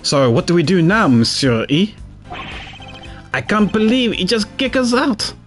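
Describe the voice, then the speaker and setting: A man voicing an eager young male assistant in a game with a put-on French accent, talking in an earnest, excitable way. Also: high voice, unhurried, soft background music, voice pushed up. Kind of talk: reading game dialogue aloud.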